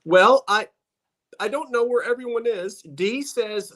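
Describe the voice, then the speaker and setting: A man's voice: very high-pitched, measured pace, fairly bright tone. A man with a South Jersey Delaware Valley accent, chatting and rambling on a video call livestream. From South Jersey, USA. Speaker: guest on livestream. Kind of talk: casual livestream chat.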